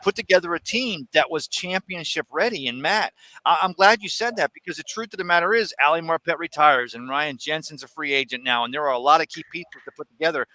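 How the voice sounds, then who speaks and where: Bright, emphatic male sports talk host. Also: a little high, fast, no room sound, low-quality recording. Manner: animated, emphatic, rambling.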